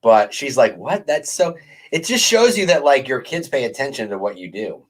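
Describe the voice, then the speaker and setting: A man co-hosting a live morning show, joking around and telling family stories in casual banter. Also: normal speed. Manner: excitable, jokey, lively swings in pitch.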